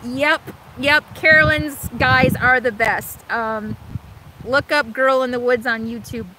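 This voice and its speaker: A woman with a high, bright voice chats casually on a live stream, answering viewer comments as she goes. She rambles emotionally and often restarts her sentences. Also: moderate pace, a little hiss or hum, poor audio. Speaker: vlogger hosting a live stream. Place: RV camp in Alaska.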